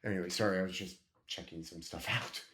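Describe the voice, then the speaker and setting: Laid-back man with a lowish voice. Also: fairly even intonation, fairly bright tone. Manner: laid-back, self-deprecating, quick to laugh. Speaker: podcast co-host. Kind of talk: casual chat.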